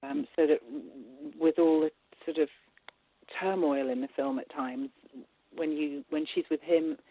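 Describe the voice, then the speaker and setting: A woman's voice: sits low, unhurried, creaky, breathy edge, no echo. Woman director on a tinny line. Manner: animated, laughing, with many restarts. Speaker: film director. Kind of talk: interview conversation. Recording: tinny phone-line sound.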